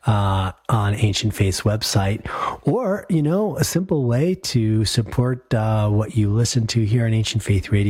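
A hoarse, gravelly-voiced priest hosts a live call-in radio program, speaking in a relaxed, meandering way full of fillers. His voice sits fairly low and sounds husky. The studio sound is close and dry. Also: dry recording. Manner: relaxed, rambling, many fillers. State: hoarse, recovering from illness.

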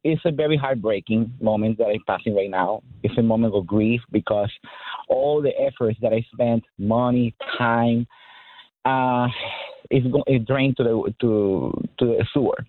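A man's voice: mid-range voice, no room sound. Man with accented english, faltering speech, tinny phone line. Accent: non-native English. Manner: halting, emotional, many restarts. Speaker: caller. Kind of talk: call-in radio conversation.

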